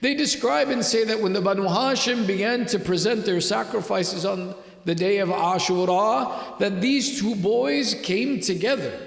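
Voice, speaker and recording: Man preaching with a gravelly voice in an echoing hall. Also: high-pitched. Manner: dramatic storytelling with slowed emotional peaks. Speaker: religious speaker. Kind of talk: sermon. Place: mosque hall. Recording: echoey reverberant hall.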